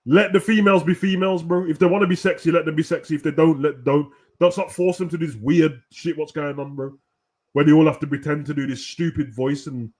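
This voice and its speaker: Animated man ranting about wrestling. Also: a little high, fast. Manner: animated, slangy, rising to shouts. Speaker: host. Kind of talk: casual ranting commentary.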